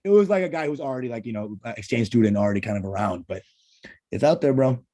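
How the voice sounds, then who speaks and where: A man's voice: mid-range voice, expressive, quick pace, mellow. Laughing, foul-mouthed man on a video call. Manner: laughing, profane, riffing. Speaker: co-host, stand-up comedian. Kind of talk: casual podcast chat.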